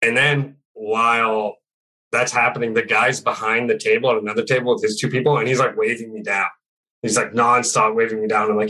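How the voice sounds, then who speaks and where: A man's voice: mid-range voice, fairly even intonation, a little fast, sharp tone, poor audio. A man in casual chat telling a long story, rambling with many fillers and swearing freely. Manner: rambling, heavy on "like", swears a lot.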